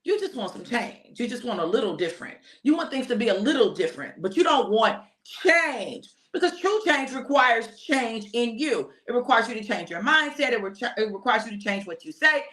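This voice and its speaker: A middle-aged woman preaching an informal sermon in a lively, conversational way, addressing her listeners as y'all. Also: normal speed, few pauses. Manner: preachy, conversational, uses y'all and folksy phrasing; lively, emphatic, rising to high pitch for emphasis. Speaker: pastor and prophetic speaker. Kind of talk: informal sermon, live stream.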